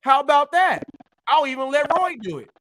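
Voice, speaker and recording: A man's voice: extremely high pitch, big pitch swings, normal speed, heavy background noise. A man hosting a live online talk show, arguing with his audience in an emphatic, repetitive, challenging way. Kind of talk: heated livestream talk.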